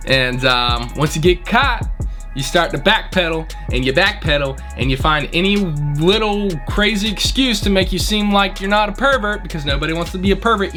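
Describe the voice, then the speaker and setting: A man's voice: high voice, lively intonation, normal speed, bright, forceful tone, faint music behind. Indignant young man telling a story. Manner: indignant, blunt, swears freely. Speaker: restaurant manager. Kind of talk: casual storytelling.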